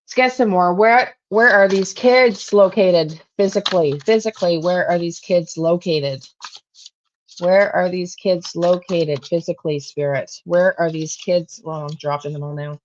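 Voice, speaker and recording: A woman's voice: on the low side, steady tone, a little slow, muffled recording, slight background noise. A woman hosting a true crime channel, talking to herself while she pulls tarot cards and repeats her questions to spirit.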